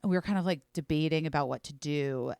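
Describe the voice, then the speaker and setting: A woman's voice: low voice, fast talker, creaky, clean tone, dry recording, clean studio sound. A woman in her forties hosting a podcast, telling a rambling story full of "like" and the odd swear word. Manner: rambling, animated, heavy on "like" and swearing. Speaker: podcast host. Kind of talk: casual storytelling chat.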